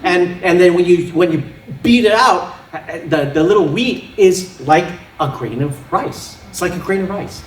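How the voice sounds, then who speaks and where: Animated man preaching in a roomy church. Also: sits high, a little slow, recorded from a distance, slight background noise. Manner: animated, laughing often, with sound effects and props. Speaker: pastor. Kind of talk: sermon. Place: church sanctuary.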